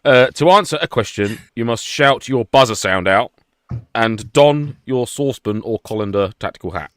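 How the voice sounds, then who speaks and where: A man's voice: medium pitch, expressive, normal speed, smooth, no room sound, studio quality. A man hosting a podcast quiz, rambling through the rules with laughs in casual banter. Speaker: podcast host running a quiz.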